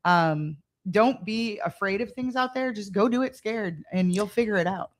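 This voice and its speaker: Chatty woman guest, lots of ums and likes, rambles through her stories, medium pitch. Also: moderate pace. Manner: rambling storyteller with many fillers. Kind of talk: casual chat.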